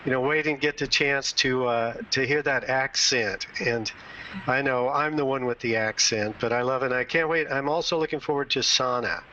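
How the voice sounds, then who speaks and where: A man greets the others on a video call and repeats words as he talks. His voice is bright. He sounds far from the mic and muffled. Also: medium pitch, fairly even intonation, normal speed, slight background noise. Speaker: hangout participant. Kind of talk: casual group video chat. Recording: distant, muffled webcam audio.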